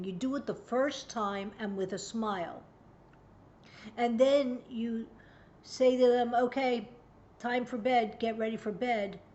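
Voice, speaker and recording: A woman's voice: on the high side, darkish tone. A woman in her sixties giving a direct-to-camera parenting lesson, earnest and emphatic, sometimes acting out parent and child voices. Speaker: parenting educator. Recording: dull lo-fi sound, faint background hum.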